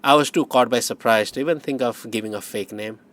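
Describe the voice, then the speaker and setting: A man narrating an audiobook in first person, wry and measured. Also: medium pitch, a bit bright.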